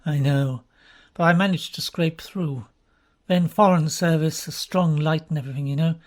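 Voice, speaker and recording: A woman's voice: low-pitched, moderate pace, darkish tone, close to an everyday voice. A woman voicing an earnest, bluff young man, recently out of the Navy, in an audiobook. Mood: eager. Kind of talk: audiobook character reading.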